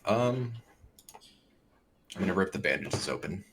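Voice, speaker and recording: A man playing a dwarf cleric in a tabletop game, speaking flatly and heavily in and out of character. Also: deep voice, background noise. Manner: slow, flat, gravelly delivery. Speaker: player.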